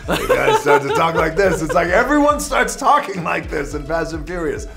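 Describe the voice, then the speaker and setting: A man in his forties, a guest actor in a casual interview, talking in a playful, animated way and laughing often. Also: a little high, normal speed, vocal fry.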